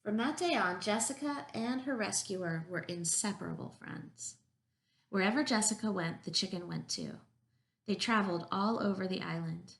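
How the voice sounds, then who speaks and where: A woman reading a picture book aloud at a children's story time as a preschool teacher, gentle and encouraging. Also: mid-range voice, normal speed, vocal fry.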